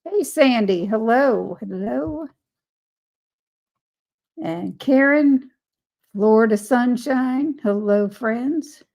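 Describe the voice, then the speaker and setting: A woman hosts a relaxed live chat, greeting each viewer by name and reading their comments aloud. Her voice sits a little high with a gravelly, creaky edge. She talks at an unhurried, slow pace. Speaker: live stream host.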